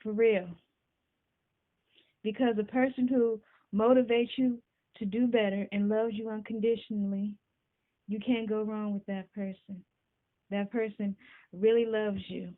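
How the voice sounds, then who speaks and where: A woman hosting a podcast, talking casually and warmly about friendship, often asking "you know what I'm saying". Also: on the high side. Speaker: podcast host. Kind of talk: casual talk to camera. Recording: tinny phone-like sound.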